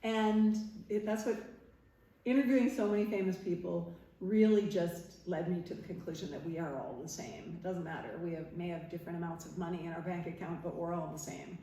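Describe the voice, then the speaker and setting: A woman's voice: on the low side, fairly even intonation, a little fast, warm tone. A middle-aged woman from Nova Scotia speaks to a live audience in a parish hall, telling her stories with energy and often laughing. She acts out the voices of the people she quotes. Her voice carries a heavy hall echo and sounds distant from the mic. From Nova Scotia, Canada. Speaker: guest speaker, former TV interviewer. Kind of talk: storytelling talk to a live audience. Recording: echoey hall, voice from far off.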